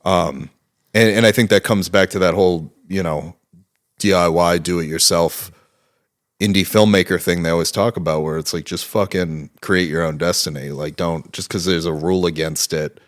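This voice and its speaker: This is a man in his thirties with a deep, low-set voice. He talks as a guest in a relaxed interview, rambling through anecdotes with plenty of fillers. His speech is casual and peppered with profanity. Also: moderate pace.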